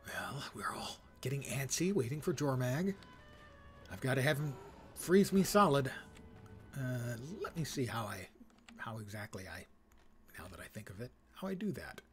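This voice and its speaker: Over background music, a very animated man with a mid-range voice and normal pace chats casually while streaming a game. He mumbles as he reads, with dry humor, poking fun at player names.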